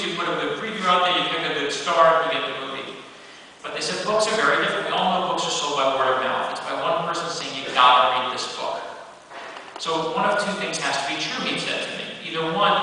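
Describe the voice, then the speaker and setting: A man's voice: a little high, pushed and bright. Man telling funny stories in an echoey hall. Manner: self-deprecating, comic timing, builds anecdotes. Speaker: keynote speaker at a writers' conference. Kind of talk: humorous storytelling speech. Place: large conference hall with a live audience. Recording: echoey hall, mic at a distance, faint noise.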